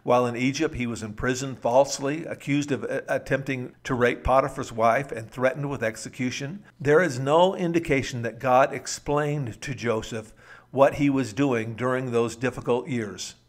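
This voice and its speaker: A man preaching a sermon, telling stories and raising his voice for quoted lines, slowing down for emphasis. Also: medium pitch. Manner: storytelling, raises voice for quoted lines; slows for emphasis, restarts words. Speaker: pastor.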